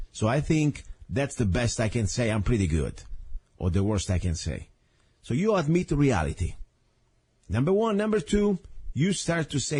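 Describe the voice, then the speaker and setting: A man's voice: mid-range voice, big pitch swings, moderate pace, a little mellow, breathy edge. A man hosting a talk radio show, delivering an impassioned, blunt, ranting monologue into a studio microphone.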